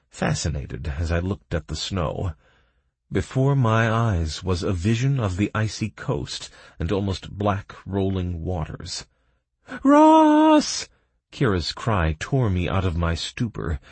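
Low husky male audiobook narrator. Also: no room sound. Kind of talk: first-person fantasy game audiobook narration.

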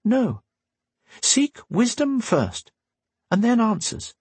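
Guy putting on a high wise old lady scholar, bossy and lofty, lively swoops, a bit husky. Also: takes it slowly, no echo, exaggerated voice. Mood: stern. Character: wise older woman scholar, brisk and commanding.

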